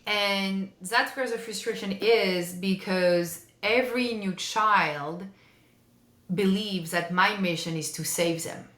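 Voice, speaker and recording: Her voice is medium in pitch, a bit bright, and slow as she talks. This woman in her forties, a family constellation therapist, is an earnest podcast guest in a relaxed chat, leaning on repeated phrases for emphasis, while the room around her echoes.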